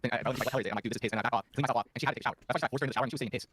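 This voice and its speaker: A man's voice: medium pitch, rapid-fire, fairly bright tone, a little hiss or hum. A man answering interview questions in a rambling, hesitant, apologetic way. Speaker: interview guest.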